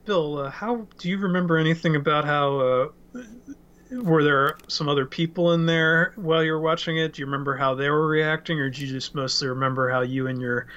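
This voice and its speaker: A man co-hosting a casual movie chat, wandering off on self-aware tangents. His voice is bright and somewhat high. The recording sounds dull and lo-fi. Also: fairly even intonation, brisk, clean tone. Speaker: podcast co-host.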